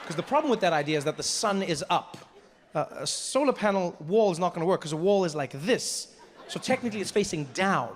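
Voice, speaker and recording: A man doing stand-up comedy on a stage, animated and acting out voices and sounds. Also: sits high, brisk. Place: comedy stage before audience.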